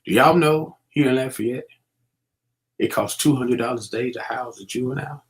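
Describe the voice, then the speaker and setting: A man's voice: medium pitch, moderate pace. A middle-aged man giving casual, preachy commentary, using street slang and many fillers as he warns young people. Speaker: vlogger.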